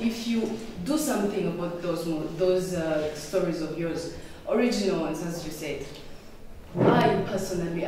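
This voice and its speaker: A woman's voice: medium pitch, warm tone. A young woman speaking for the opposing side as a student debater in a classroom debate, blunt and challenging. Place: university classroom. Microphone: distant room mic. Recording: echoey noisy room, from far off.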